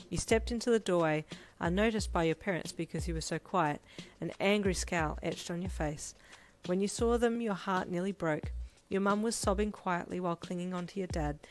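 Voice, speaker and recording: A woman's voice: lowish voice, a little hiss or hum. A woman narrating a fan story aloud in second person, reading steadily. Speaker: fanfiction reader.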